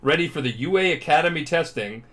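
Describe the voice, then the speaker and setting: A grown superhero mentor gives a hearty, reassuring pep talk, as a drunk man puts him on. The voice stays close to the man's own, slightly lowered and softened. It sounds casual and unpolished. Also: expressive, fast talker. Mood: encouraging. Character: grown male superhero mentor, gruff and encouraging.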